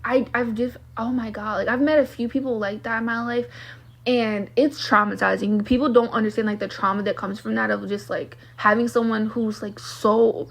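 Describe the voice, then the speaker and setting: A woman's voice: a little high, fairly even intonation, moderate pace, vocal fry. A young woman from South Carolina telling a rambling, indignant storytime vlog, full of "like"s. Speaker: vlogger.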